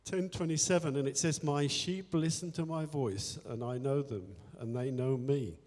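A man's voice: medium pitch, normal speed, a little mellow. A man speaking in a church service, candidly telling a personal story of faith with quoted inner dialogue and self-deprecating humor. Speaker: church elder. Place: church hall. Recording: echoey hall with faint music.

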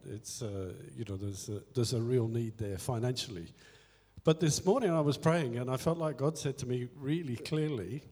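At a church service, an elder with a warm, medium-pitched voice speaks at normal speed, honestly telling a personal story of faith through quoted inner dialogue and self-deprecating humor. The hall is echoey, and faint music can be heard.

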